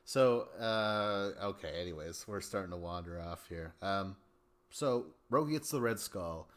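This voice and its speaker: A podcast host with a low voice and lively intonation delivers an unhurried, rambling and profane recap of a reality show. As he comments casually, he acts out people's lines in mocking voices.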